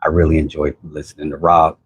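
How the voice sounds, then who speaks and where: An American man hosting a casual livestream, rambling and laughing as he gives shout-outs to viewers from his workshop. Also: a bass voice, level tone, fast talker, slightly rough. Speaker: channel host. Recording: dull lo-fi sound.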